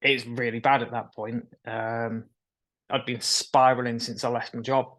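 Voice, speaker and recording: A man's voice: medium pitch, little pitch movement, a little slow, a bit bright. A young man, a guest in an interview, telling his story frankly with occasional nervous laughs. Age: young adult. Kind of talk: candid conversational interview.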